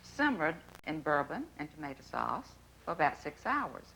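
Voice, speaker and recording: A woman's voice: sits low, very animated, normal speed, gravelly, a bit bright, a little hiss or hum, poor audio. An older woman with a Southern accent, a guest on a TV talk show, folksy and chuckling as she talks about cooking. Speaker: guest cook, co-host's mother.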